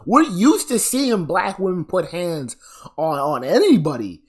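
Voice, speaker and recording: A man's voice: sits high, sing-song, measured pace, husky. A man delivering a blunt, profane commentary rant, sounding exasperated and weary. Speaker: commentary vlogger.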